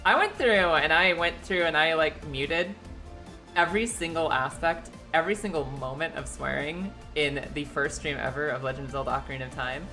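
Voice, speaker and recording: A young woman streaming from her living room, chatting casually and animatedly, often laughing and jumping into high excited squeals, her voice slightly echoey. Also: brisk, soft background music. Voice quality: a little echoey today. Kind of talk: casual chat. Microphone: streaming setup.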